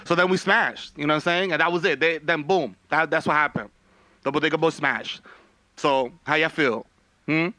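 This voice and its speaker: A man doing a boastful, messy young woman, pitched high and bright as she holds court on a livestream. The sound is dry and close, with no room around it. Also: normal speed, dry recording. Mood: bragging. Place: home.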